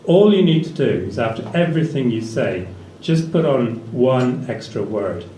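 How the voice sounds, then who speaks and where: Deadpan man doing stand-up. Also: mid-range voice, normal speed, slight background noise. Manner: dry, rambling delivery with fillers. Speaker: stand-up comedian. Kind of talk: stand-up comedy set. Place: small comedy venue. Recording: echoey venue, picked up from a distance, faint ambience.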